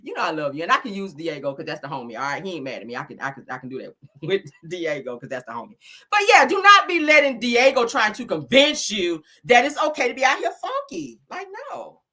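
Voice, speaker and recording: Loud, animated woman hosting a gossip stream. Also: mid-range voice, brisk. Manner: loud, animated, laughing a lot, Southern Black vernacular slang. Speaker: gossip show host. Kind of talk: live-stream gossip commentary.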